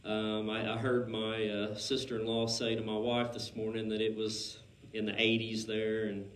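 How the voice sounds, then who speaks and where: A man's voice: fairly low pitch, completely flat delivery, normal speed, slight background noise. Breathless chatty radio host man. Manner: easygoing, chatty, folksy. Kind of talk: casual radio interview. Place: radio studio. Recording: roomy studio echo.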